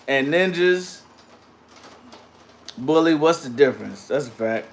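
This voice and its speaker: A man hosting a casual livestream, talking back to his chat in a loose, slangy, animated way. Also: a little high, unhurried, pauses often. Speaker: livestream host reading chat.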